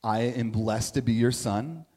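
A man's voice: medium pitch, a little slow, warm tone. A middle-aged man giving a sermon as a pastor, telling stories in a conversational way and asking "right?" often. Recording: long reverb of a big hall.

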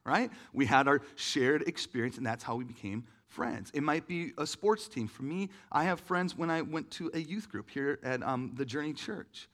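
A man's voice: fairly high pitch, lively intonation, normal speed, hardly any pauses, fairly bright tone. A man preaching a conversational sermon, talking casually with many fillers and asking the audience questions. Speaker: pastor.

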